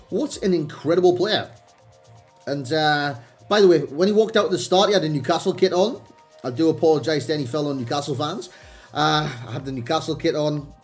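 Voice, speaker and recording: A young gaming video creator reviews a game card, chatting casually with his viewers and calling them lads and boys. His voice is on the high side with a darkish tone, and faint music plays in the background.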